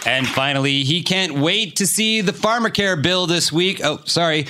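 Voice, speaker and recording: A man's voice: on the high side, normal speed, few pauses, sharp tone, slight background noise. A man hosting a comedy news quiz, delivering scripted jokes with punch and laughing at his own lines. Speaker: quiz show host.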